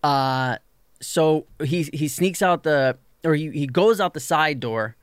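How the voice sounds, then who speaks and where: A man's voice: a little high, takes it slowly, smooth, dry recording, clean studio sound. A man telling a long story in casual podcast chat, full of "like" and acting out what people said. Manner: animated storyteller, lots of "like", acts out quoted people.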